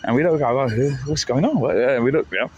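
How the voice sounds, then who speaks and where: A man's voice: medium pitch, fast, husky, highs cut off. A man, live-streaming a casual, rambling story with jokes and lots of restarts. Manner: rambling and jokey, with many restarts. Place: outdoors on town streets. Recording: outdoor street noise. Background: traffic and street ambience.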